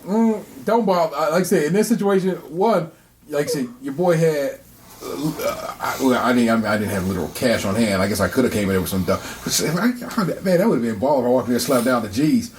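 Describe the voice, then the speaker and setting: A man's voice: mid-range voice, quick pace, a little hiss or hum. A man co-hosting a podcast, chatting casually and telling stories with acted-out dialogue. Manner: animated storyteller, acts out quoted dialogue, frequent restarts. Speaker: podcast co-host. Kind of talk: casual chat.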